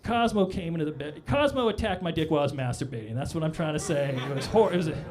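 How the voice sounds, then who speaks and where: Guy doing standup at a club, kinda high voice, rambly, keeps tossing in "all right?". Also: lively intonation, very fast, a little mellow. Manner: loose, rambling delivery with frequent "all right?" asides. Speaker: stand-up comedian. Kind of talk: stand-up comedy set. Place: comedy club stage, live audience.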